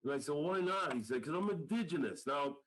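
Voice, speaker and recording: A middle-aged man, a college football line coach, tells a story as a guest on a casual podcast and acts out the quoted lines. He talks fast in a medium-pitched, sing-song voice. The recording is rough.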